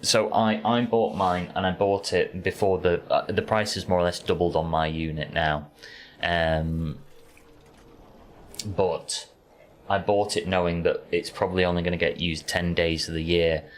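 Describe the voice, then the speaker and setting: A relaxed game streamer with a Yorkshire accent talks to his audience from his warm bedroom, wandering from topic to topic. His voice is low-pitched and steady, and he never hurries.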